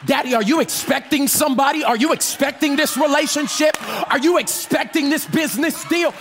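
A man's voice: extremely high pitch, brisk, over music, pitched above the performer's own voice. A preacher voicing his young daughter, who earnestly calls to her father about a stranger at the door. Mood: worried.

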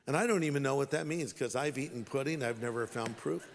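A man's voice: mid-range voice, quick pace, vocal fry, in a large hall, a little hiss or hum. A man preaching a sermon as a pastor, talking in a wry, direct, conversational way.

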